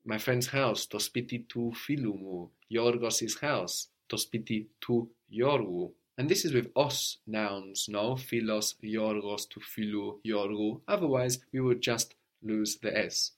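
A man teaching a language lesson, patiently modeling phrases slowly and coaxing his student. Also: on the low side.

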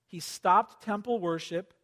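High-voiced animated preacher, long hall echo. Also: male voice, a little slow. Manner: animated, acts out quoted voices, asks the audience to take notes. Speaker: pastor. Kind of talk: sermon.

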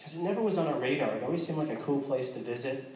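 An American man shares his testimony with a congregation, earnest but quick to joke, often restarting his sentences. He sounds set back from the mic, in a hall with heavy echo. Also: mid-range voice, expressive, a little mellow, recorded from a distance, slight background noise. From United States. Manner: earnest and joking, with frequent restarts. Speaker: missionary speaking to a church.

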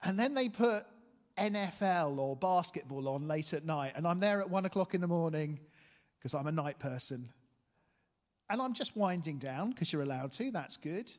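A man preaching a sermon, telling a story with lively energy and asking his listeners questions. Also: on the high side, normal speed. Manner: animated storytelling, asks the room questions. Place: church hall. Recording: long hall reverb.

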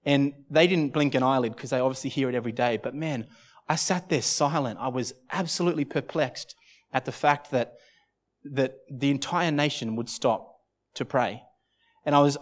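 A man preaching a sermon at a church service, telling a personal story in an earnest, halting way with many restarts. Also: mid-range voice. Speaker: pastor.

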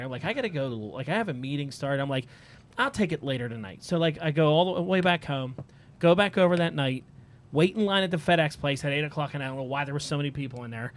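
A man with a slightly high voice tells a long story on a casual podcast. He talks loosely and chats with his co-hosts. He laughs as he goes. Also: animated, brisk. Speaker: podcast host. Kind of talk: casual chat.

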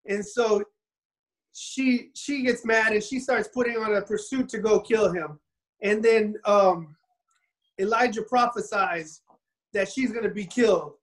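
A man casually retelling a Bible story in an animated, rambling way, often restarting his sentences. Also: high-pitched, unhurried, low-quality recording.

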